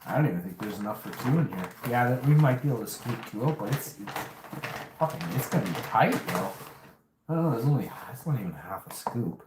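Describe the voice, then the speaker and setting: A man's voice: medium pitch, fast. Guy rambling and cussing on his vlog, echoey room, bit of noise. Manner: profane, rambling, animated storytelling. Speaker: host. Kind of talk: casual rambling vlog chat.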